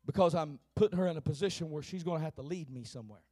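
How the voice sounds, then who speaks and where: A man preaching a sermon in a church, building from low talk up to shouting with the congregation. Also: very fast. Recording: piano music behind.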